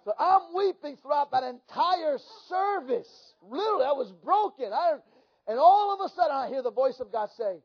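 A pastor's high, light voice tells a sermon testimony, one moment close to a whisper and the next at full volume. He is a man, and he shapes each scene of his story as he goes. The recording is dull and lo-fi. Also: normal speed. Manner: animated storytelling with swings from hushed to loud.

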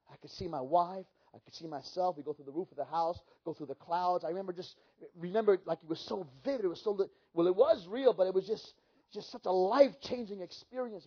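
A man's voice: high-pitched, lo-fi sound. A middle-aged man preaching a dramatic personal testimony, with fervent storytelling full of restarts. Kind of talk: sermon testimony.

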